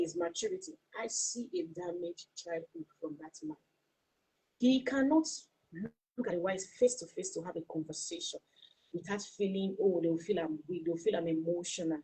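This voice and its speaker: Woman host, passionate preachy talk, mellow and husky voice, asks listeners questions. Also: mid-range voice, rough recording. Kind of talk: motivational talk.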